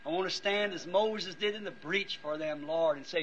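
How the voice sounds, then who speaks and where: A weary middle-aged man leading an earnest, pleading prayer and altar call from a church pulpit, with halting restarts. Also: a little high, a bit bright. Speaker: preacher. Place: church before a congregation. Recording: dull old sermon tape with faint hiss.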